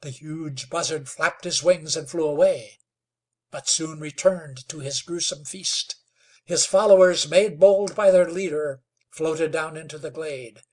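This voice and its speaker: A man narrating a western novel in a slow, dramatic storytelling manner. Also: on the high side. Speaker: audiobook narrator. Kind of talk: scripted narration.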